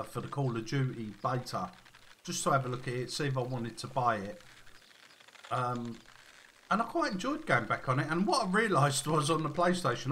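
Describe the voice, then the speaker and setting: Male streamer, casual and chatty, bright tense tone, reads chat aloud. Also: mid-range voice, a little hiss or hum. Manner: chatty, reads viewer messages aloud, friendly greetings. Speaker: live-stream gamer.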